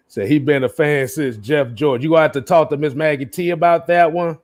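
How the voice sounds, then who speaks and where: A man hosting a casual sports livestream, with a voice a little higher than most men's. He talks in a loose, laid-back way, laughs often and stumbles over repeated words while he reads out chat comments. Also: fairly even intonation, measured pace, a little mellow. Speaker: livestream host.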